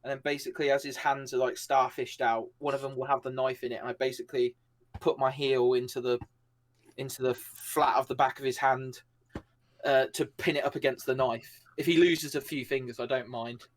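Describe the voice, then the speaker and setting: A man's voice: mid-range voice, little pitch movement, brisk. A man describing his character's moves in a tabletop role-playing game, full of fillers and restarts. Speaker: player.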